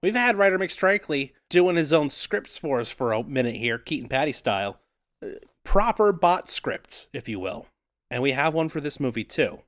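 A man's voice: a little high, big pitch swings, moderate pace, a bit bright, dry recording, clean studio sound. A man co-hosting a podcast, laughing easily and bantering in casual chat. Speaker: podcast co-host.

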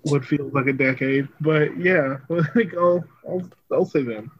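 A man's voice: a little high, slightly rough, dull audio. A man in a casual chat, giggling often as he recalls things. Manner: giggly, quick to laugh.

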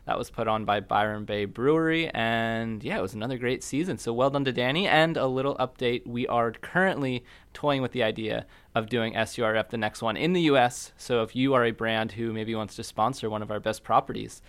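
A man's voice: mid-range voice, a little fast, hardly any pauses, fairly bright tone, smooth. A man co-hosting a podcast, cheerfully running through show news and asking sponsors to get in touch. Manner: upbeat, announces show news and plugs. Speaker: podcast co-host. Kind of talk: casual chat.

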